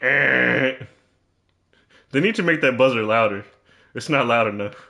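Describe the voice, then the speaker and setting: A man's voice: medium pitch, unhurried, vocal fry, sharp tone. A man commentating his own basketball video game, teasing and trash-talking in a mock-serious way and often repeating himself.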